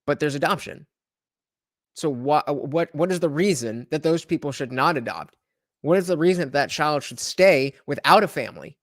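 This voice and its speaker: Reaction host, male, slightly high, loose rambling delivery with restarts. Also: animated, moderate pace, a bit bright, no echo, studio quality. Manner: rambling, many restarts and fillers. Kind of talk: casual commentary reacting to a clip.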